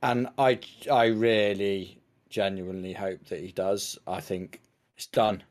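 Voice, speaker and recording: A man's voice: sits low, level tone, unhurried, a little mellow. A man co-hosting a podcast, chatting casually and often stammering at the start of his thoughts. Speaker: podcast co-host. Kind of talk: casual chat.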